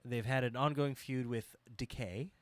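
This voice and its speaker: A man co-hosting a casual podcast chat, animated and profane as he riffs. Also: mid-range voice, moderate pace, no echo. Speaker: podcast co-host.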